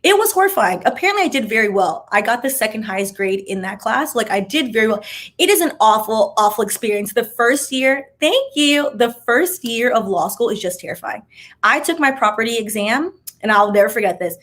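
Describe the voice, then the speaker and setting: A young woman with a slightly high voice tells stories in a casual vlog. She talks in an animated, dramatic way, acting out the voices of the people in her story. She drops in chatty asides as she goes. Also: brisk. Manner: animated, dramatic retelling with acted-out quotes; chatty asides, says "child" and "like" often. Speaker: vlogger.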